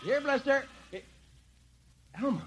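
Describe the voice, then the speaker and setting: A man playing a breezy middle-aged Air Force colonel and father in a 1950s radio drama, talking in a brisk, offhand way. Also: very high-pitched, very noisy. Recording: dull old radio broadcast.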